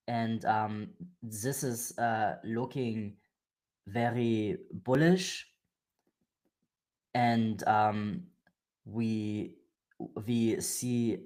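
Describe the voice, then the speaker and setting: A man putting on a thick German accent as a slow, hesitant trader talking through a chart, filling pauses with ums. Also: on the low side.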